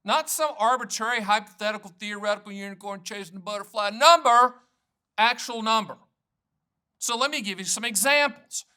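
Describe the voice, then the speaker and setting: Talking straight to camera, a North Carolina annuity agent in his sixties delivers folksy, joking sales patter full of self-promotion. His voice sits high and sounds pushed, bright, and smooth at a normal speed.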